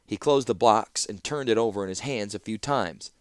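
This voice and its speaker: A man narrating a fantasy audiobook in an expressive storytelling manner. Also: lowish voice, normal speed, smooth, dry recording, studio quality.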